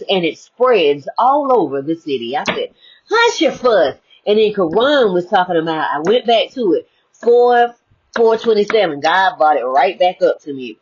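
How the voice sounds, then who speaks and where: A woman giving a lively spiritual motivational talk, swinging between hushed, reflective stretches and bright exclamations. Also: on the low side, breathy edge. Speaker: inspirational speaker. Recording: muffled lo-fi audio.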